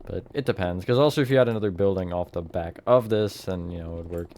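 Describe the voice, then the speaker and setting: Low-voiced young man, rambling tutorial. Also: quick pace, darkish tone. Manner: rambling, hedging, self-correcting. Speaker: Minecraft tutorial host. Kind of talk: casual building tutorial narration.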